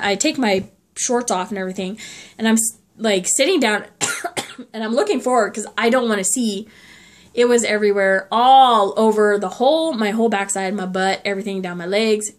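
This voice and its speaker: A young woman chats through a storytime vlog, dropping "like" into nearly every sentence. She coughs often as she goes, and her pitch sits in a middle range. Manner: chatty, lots of filler "like". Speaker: vlogger. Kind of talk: casual storytime.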